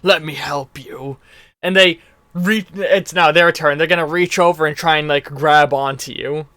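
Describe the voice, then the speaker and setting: A man's voice: a little high, steady tone, normal speed, bright, forceful tone, clean tone, dry recording. A man running a tabletop role-playing game, narrating the scene with rambling restarts. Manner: rambling, many restarts and fillers. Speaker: game master.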